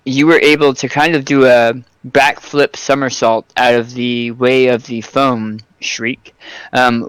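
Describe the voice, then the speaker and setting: A man narrating as game master for a tabletop game, pausing often with ums and restarting sentences. His voice is smooth and clear, recorded dry and close with no room sound. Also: mid-range voice, fairly bright tone, no echo. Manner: hesitant, lots of ums and restarts.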